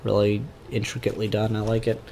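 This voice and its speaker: A man's voice: on the low side, completely flat delivery, fast talker, a little mellow, a little hiss or hum. A man casually reviewing comic books, rambling and opinionated with frequent fillers.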